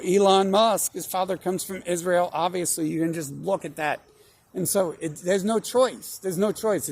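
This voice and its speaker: A young man talking in a long, rambling monologue, full of fillers, restarts and swearing. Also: a little high. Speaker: channel host.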